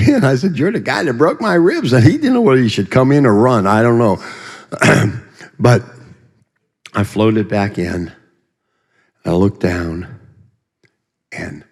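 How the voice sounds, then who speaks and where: A man speaks from the front of a church sanctuary, his fairly low voice trailing into a long hall reverb. He tells his testimony in a folksy, storytelling way, full of humorous asides and vivid pictures. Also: darkish tone. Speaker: guest speaker giving a testimony.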